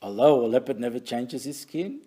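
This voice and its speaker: A man's voice: mid-range voice, lively intonation, normal speed, mellow. A man teaching a Torah lesson, reading Hebrew phrases and translating and explaining them with wry asides.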